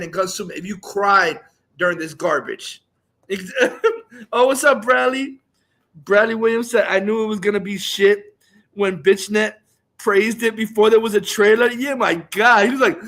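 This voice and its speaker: A man with a high, sharp, bright voice rants on a live stream. He is angry and profane and swears through nearly every sentence. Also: normal speed. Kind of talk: ranting live stream reaction.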